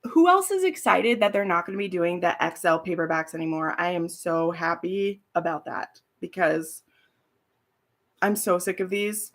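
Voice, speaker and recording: Rambly woman chatting on her live stream, bit of vocal fry, swears a lot. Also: lowish voice, lively intonation, moderate pace. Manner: chatty, rambling, swears casually, laughs easily. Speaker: booktube host. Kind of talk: casual live-stream chat. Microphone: streaming from home setup.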